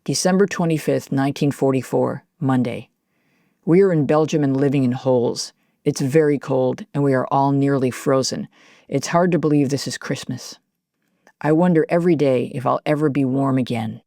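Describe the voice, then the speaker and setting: A man's voice: medium pitch, moderate pace, creaky, warm tone, no room sound, clean studio sound, close to an everyday voice. A woman reading as a young soldier's war diary. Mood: matter-of-fact.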